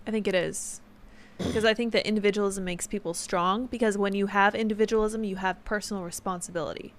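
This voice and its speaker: Woman, co-host, rapid speech, thinking-aloud manner, medium pitch. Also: fairly even intonation. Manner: quick, thinking aloud with hedges. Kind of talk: casual panel discussion.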